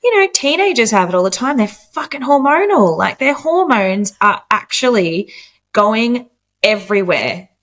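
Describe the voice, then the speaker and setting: A woman's voice: a little high, very animated, normal speed, fairly bright tone. A woman in her late thirties talking as a podcast guest in a casual, candid chat. She is frank, swears freely and acts out the outbursts she quotes. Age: 30s.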